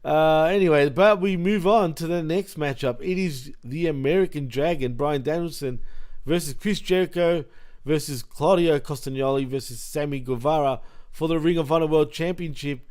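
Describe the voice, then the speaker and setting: A man's voice: on the high side, normal speed, a little mellow. A man co-hosting a wrestling podcast, blunt and profane, reading out match results between opinions. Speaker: podcast co-host. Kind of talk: casual wrestling recap chat.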